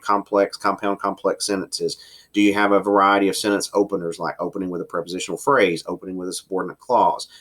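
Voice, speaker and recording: Deep-voiced male teacher walking students through an essay assignment, steady explanatory delivery. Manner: explanatory, varies pace for emphasis, occasional fillers. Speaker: writing teacher. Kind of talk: recorded lecture to students.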